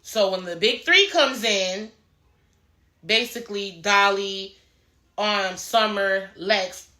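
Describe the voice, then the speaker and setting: A woman, casually recapping a reality show in a blunt, profane, animated way and acting out the cast members' lines. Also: medium pitch, takes it slowly, echoey room.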